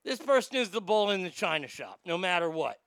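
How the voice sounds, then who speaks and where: Male comedy host, swearing storyteller, higher-pitched with a smooth, clear tone. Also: sing-song, a little fast, a bit bright, no room sound, clean studio sound. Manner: blunt, swearing, riffing storyteller. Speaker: podcast host answering listener mail. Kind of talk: profane comedic advice rant.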